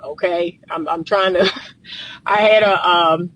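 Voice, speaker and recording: A man's voice: high-pitched, fairly even intonation, slow, a bit bright. A man working as a relationship coach and counselor, talking casually and passionately to viewers while he gets riled up. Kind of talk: casual livestream talk to viewers. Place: in a car, driving.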